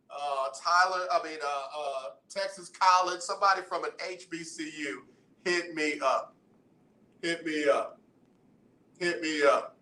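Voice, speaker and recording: A man hosts a call-in radio show from the studio, bantering and teasing his listeners. His voice sits a little high and sounds bright and forceful. The studio adds a roomy echo. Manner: animated, banters with listeners and callers. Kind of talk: casual radio talk.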